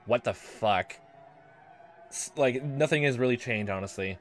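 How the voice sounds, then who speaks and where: A man's voice: mid-range voice, a little slow, long pauses. Rambling, exasperated man commenting on a game. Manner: rambling, exasperated, full of fillers and swearing. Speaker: let's play commentator.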